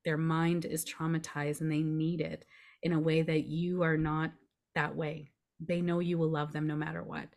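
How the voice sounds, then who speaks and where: A woman's voice: deep voice, little pitch movement, moderate pace, gravelly, darkish tone. A woman guest on a podcast, explaining emotions earnestly and reassuringly, often checking in with her listener. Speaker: podcast guest, grief coach. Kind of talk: conversational explaining.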